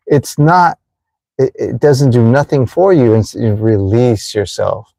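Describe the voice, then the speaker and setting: A man's voice: medium pitch, measured pace, gravelly, dark tone, no room sound. A man hosting a livestream, talking earnestly and repetitively about forgiveness, addressing his viewers directly. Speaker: livestream host giving life advice. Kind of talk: earnest motivational livestream talk.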